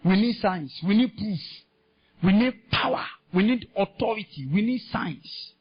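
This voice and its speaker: Husky Nigerian preacher, impassioned. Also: male voice, high voice, lively intonation, a little slow. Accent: Nigerian English. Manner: impassioned preaching that climbs into shouting. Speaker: pastor. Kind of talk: sermon. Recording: dull lo-fi sound.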